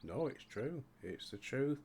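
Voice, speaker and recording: A man's voice: mid-range voice, sing-song, unhurried, a little mellow, a little hiss or hum, voice pushed up. A man with a Yorkshire accent voicing a defiant, loyal rebel retainer in a game, reading the lines insistently.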